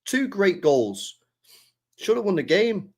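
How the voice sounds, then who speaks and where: A man's voice: sits high, sing-song, slow pace, a little mellow. A young man talking casually on a live stream as a football fan, passionate, swearing and repeating his points.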